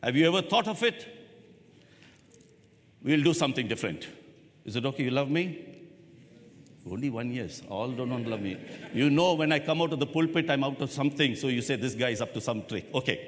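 A man preaching a sermon as pastor, with dramatic pauses and rhetorical questions put to the congregation. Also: mid-range voice, lively intonation. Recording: long hall reverb.

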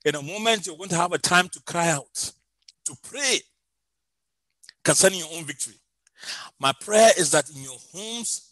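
Emphatic bright-voiced male preacher. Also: sits high, lively intonation, moderate pace, long pauses, slightly rough, dry recording, poor audio. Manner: emphatic, repeats key phrases, sings out some lines. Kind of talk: sermon.

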